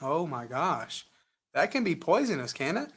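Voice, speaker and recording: A man's voice: fairly high pitch, very animated, normal speed, a bit bright, husky. A man hosting a show, chatting casually and coaching viewers while he makes live phone calls, upbeat and sympathetic. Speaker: real estate investor and show host.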